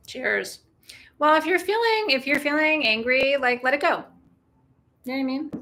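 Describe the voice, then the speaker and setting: A woman's voice: sits high, fairly bright tone, a little hiss or hum. A woman hosting a full moon ritual, chatting casually and calling in guides with playful whoops. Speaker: spiritual ritual host. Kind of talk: casual livestream ritual talk.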